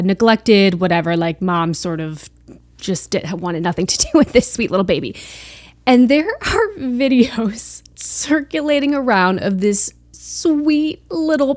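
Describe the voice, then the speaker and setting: A woman's voice: on the high side, darkish tone, no echo, clean studio sound. A young woman hosting a podcast, chatting casually and emotionally, gushing with lots of fillers. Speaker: podcast host. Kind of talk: casual chat.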